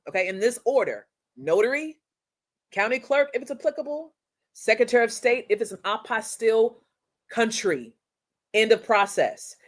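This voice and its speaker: A woman hosting a casual live-streamed training, talking straight to viewers in a chatty, energetic, slangy way through a computer mic. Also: fairly high pitch. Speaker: course instructor and livestream host.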